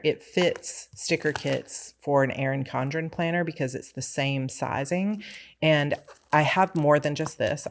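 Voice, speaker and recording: A woman author chatting casually as she shows her planner supplies, relaxed and rambling with small asides. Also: low-pitched, slight background noise. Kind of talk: casual chatty show-and-tell.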